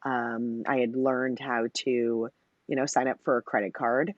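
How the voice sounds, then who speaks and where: Chatty low-voiced woman in her thirties. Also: little pitch movement, normal speed, no room sound, highs cut off. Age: 30s. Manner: chatty and long-winded, many "you know" and "like" fillers, acts out quoted lines. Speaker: company founder, interview guest. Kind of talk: casual storytelling interview.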